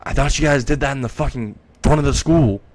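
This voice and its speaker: A man's voice: mid-range voice, fairly quick, a little mellow, voice pushed up, lightly acted. A man voicing a bitter, sarcastic outcast teenage boy in a fan-made story reading. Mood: mocking. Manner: sarcastic, mocking.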